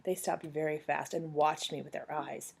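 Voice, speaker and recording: A young woman reading a children's book aloud at home on her couch, telling the story to a former student with lively expression. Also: low voice, moderate pace, gravelly, husky.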